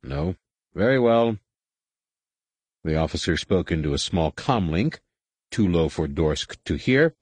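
A man narrating a science-fiction audiobook in a measured, steady reading. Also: deep voice, slightly rough, dry recording. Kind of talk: scripted narration.

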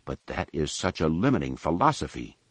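A man voicing a young Jedi older brother who lectures quietly and sarcastically. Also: very deep voice, very animated, brisk, breathy edge, no room sound, full character voice. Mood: lecturing.

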